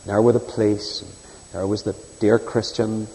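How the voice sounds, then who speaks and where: Male preacher, earnest storyteller, warm mellow voice, long echo of a church hall. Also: fairly low pitch, level tone, moderate pace, gravelly. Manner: earnest, storytelling, shifts between loud emphasis and soft hush. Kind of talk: sermon.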